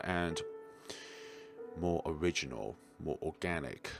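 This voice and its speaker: Man reading a game aloud, low lively voice, game music behind. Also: a little slow, long pauses. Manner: playful, wry asides. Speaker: gaming video creator. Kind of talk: reading a visual novel aloud with commentary.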